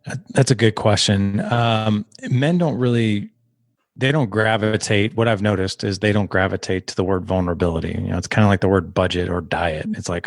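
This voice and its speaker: A man in his thirties, a guest on a podcast, telling a personal story in casual talk and acting out quotes with sudden jumps in pitch. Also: moderate pace, dry recording, studio quality. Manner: animated, acts out quotes with sharp pitch jumps. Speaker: podcast guest, founder of a fathers' community.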